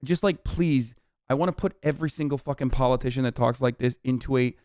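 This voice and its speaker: A man's voice: medium pitch, fast, a little mellow, clear, resonant tone, no echo, clean studio sound. A man reacting to the news on a live stream, ranting in a heated, profane, sarcastic way.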